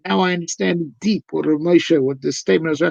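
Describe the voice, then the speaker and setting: Gravelly-voiced rabbi giving an emphatic talk. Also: male voice, a little high, quick pace, darkish tone, no echo. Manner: emphatic and conversational, with repeated rhetorical questions. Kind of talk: live philosophical Torah discourse. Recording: dull lo-fi recording.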